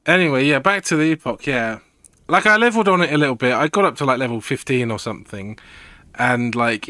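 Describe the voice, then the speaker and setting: Streaming a video game, a young man rambles in a relaxed, sweary chat. He speaks in a mid-range voice with a bright, forceful tone.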